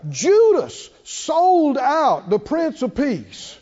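A man preaches in a high, sweeping voice that rises and falls dramatically and calls on the congregation to answer him. His words ring with a long church reverb. The sound is dull and muffled. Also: wildly swooping pitch, drawn-out words, mellow. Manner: dramatic, call-and-response preaching. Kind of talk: sermon.

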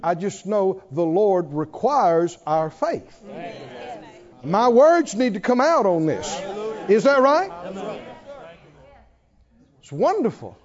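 A man preaching a sermon, swinging from near-shouts down to hushed tones, often laughing between lines. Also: high voice, big pitch swings, takes it slowly, pauses often, muffled recording, some chatter behind. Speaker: pastor.

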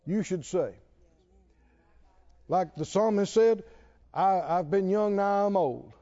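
A man's voice: sits high, takes it slowly, mellow, lo-fi sound. A middle-aged male pastor preaching a sermon, punctuating his points with emphatic exclamations and quoted scripture.

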